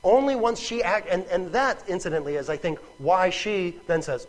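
A man's voice: high-pitched, moderate pace, few pauses, low-quality recording. A man preaching a sermon in a conversational, emphatic way, often repeating words and checking with "right?".

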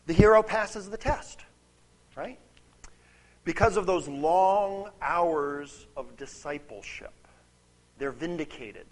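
A man preaching a sermon, conversational and animated, often checking in with "right?" and reading scripture aloud. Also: a little high, takes it slowly, pauses often. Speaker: pastor.

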